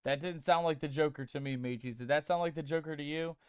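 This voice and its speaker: Reading chat aloud and testing text-to-speech voices, a man streaming a game chats playfully and casually with viewers he calls mateys. His smooth voice is on the high side and moves at a quick pace. It's a dry recording with clean studio sound.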